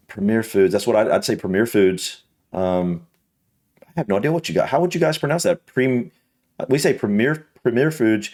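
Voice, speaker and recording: A man's voice: on the low side, a little mellow. An American man hosting a reaction video, thinking aloud with hesitant, casual remarks. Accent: American English. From United States.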